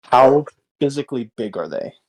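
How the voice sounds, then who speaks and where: A man's voice: mid-range voice, expressive, normal speed, a little mellow, poor audio. A man playing a tabletop game, talking hesitantly and swearing when things go wrong. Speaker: player. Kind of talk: tabletop role-play chat.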